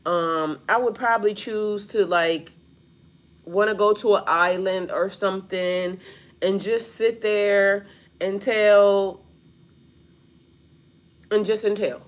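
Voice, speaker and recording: A woman's voice: medium pitch, fairly even intonation, slow, pauses often. Blunt, profane woman talking to her viewers. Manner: blunt and profane, heavy on the word "like"; talks straight to her audience as "y'all". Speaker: spiritual reader. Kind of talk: casual spiritual reading to viewers.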